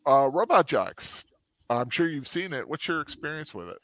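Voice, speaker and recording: A man's voice: fairly high pitch, very animated, moderate pace, a bit bright. A man hosting a casual film chat, talking in a rambling way with many fillers and restarts. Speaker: host.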